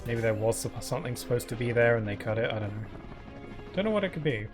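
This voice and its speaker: A man's voice: mid-range voice, lively intonation, fast talker. A young man giving casual, rambling commentary while playing a game on stream, talking into a desk microphone. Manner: rambling, easygoing, many fillers. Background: game music.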